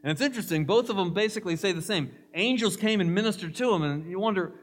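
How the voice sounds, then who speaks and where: A man's voice: sits high, lively intonation, quick pace, slight background noise. A male pastor preaching a sermon, emphatic, mixing scripture with humorous stories.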